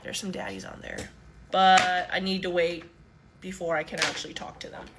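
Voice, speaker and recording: Young woman, blunt and chatty vlogger, lively delivery, noisy room tone. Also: lowish voice, normal speed. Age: young adult. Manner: chatty, blunt, swears freely. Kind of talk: casual get-ready-with-me chat. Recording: noisy background ambience.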